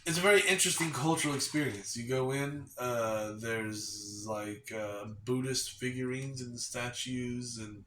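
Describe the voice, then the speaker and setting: A man's voice: medium pitch, fairly even intonation, a little slow, hardly any pauses, a bit bright, recorded from a distance, a little hiss or hum. A young man co-hosting a podcast, rambling wryly through a casual story. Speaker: podcast co-host. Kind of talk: casual chat. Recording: echoey room.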